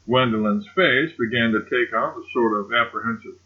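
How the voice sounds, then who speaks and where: A man reading a classic novel aloud as an audiobook narrator, in steady storytelling narration, on a slightly muffled recording. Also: mid-range voice, normal speed.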